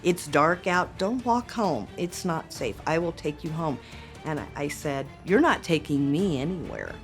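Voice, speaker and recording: A woman giving interview testimony, retelling events in a halting, animated way and acting out the dialogue. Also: low voice, soft background music. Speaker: interviewee, former girlfriend.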